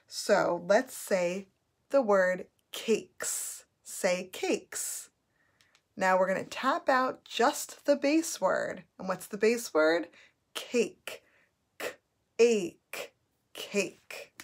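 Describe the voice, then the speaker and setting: A woman's voice: mid-range voice, expressive, very slow, creaky. A woman teaching a phonics lesson, sounding out letters and words patiently for children to repeat.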